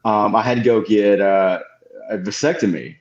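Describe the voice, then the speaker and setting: A young adult man on a podcast telling stories in an animated way and acting out what people said. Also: fairly low pitch, moderate pace. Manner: animated storyteller, acts out quotes. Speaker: podcast co-host. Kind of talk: casual chat, storytelling. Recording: dull lo-fi audio.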